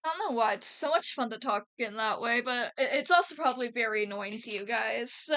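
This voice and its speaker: A woman's voice: fairly high pitch, brisk, sharp tone. A woman chatting casually to her viewers while playing a game, giggling often and talking straight to chat. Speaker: let's play gamer. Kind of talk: casual gameplay commentary.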